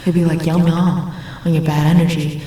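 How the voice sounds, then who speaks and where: A woman's voice: sits low, level tone, moderate pace, warm tone, far from the mic, lightly acted. A woman playing a laid-back groovy 1960s hippie man in an ASMR role-play, rambling and drawling. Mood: spacey. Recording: echoey room, off mic.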